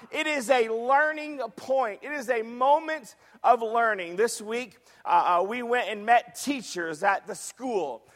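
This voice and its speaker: A man's voice: very high-pitched, a little slow, hardly any pauses, fairly bright tone, long reverb tail. A man preaching a sermon as pastor, emphatic, repeating phrases and asking the congregation questions. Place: church sanctuary.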